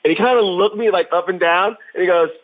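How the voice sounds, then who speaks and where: A man chatting as a guest on an interview podcast, telling stories in an animated, jokey way. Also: high-pitched, fast, narrow, tinny audio. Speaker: guest drummer. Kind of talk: casual interview chat.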